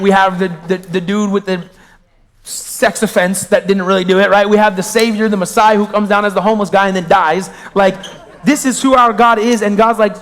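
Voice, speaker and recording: High-voiced man telling his story in a big hall. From Pennsylvania. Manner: animated storyteller, quick shifts between hushed and exclaiming. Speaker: magician sharing his testimony. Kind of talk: testimony talk to a live audience.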